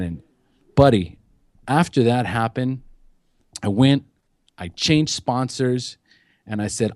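A man's voice: on the low side, darkish tone, dry recording, clean studio sound. A man as a podcast guest, candidly and emotionally recounting his addiction recovery in earnest, unpolished storytelling.

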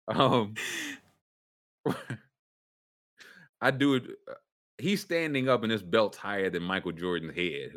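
Man, podcast co-host, lively swooping pitch, casual sports banter, jokey. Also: unhurried, pauses often. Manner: animated, jumps into mocking voices for bits.

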